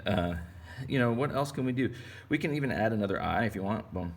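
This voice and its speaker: A man's voice: fairly low pitch, expressive, fast talker. A man from Texas giving a casual drawing lesson for kids, rambling and playful as he goes. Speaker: art teacher.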